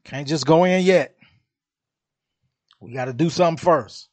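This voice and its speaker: A man's voice: fairly high pitch, unhurried, a little mellow, no room sound. A man voicing the biblical God as a stern male ruler giving matter-of-fact orders in a comedic retelling. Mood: commanding. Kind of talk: comedic retelling in a podcast monologue.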